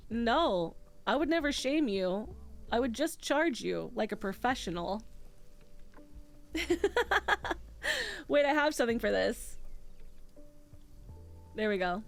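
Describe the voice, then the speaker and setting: A woman's voice: fairly high pitch, gravelly. A woman streamer, nose stuffy after crying, chatting casually and reading out her chat, candid and swearing freely.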